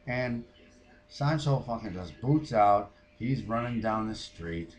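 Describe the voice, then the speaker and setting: A man's voice: on the low side, animated, slow. A man playing a foul-mouthed, fed-up woman who rants about her neighbors in a comic monologue. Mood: exasperated. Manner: profane, ranting, mimics others.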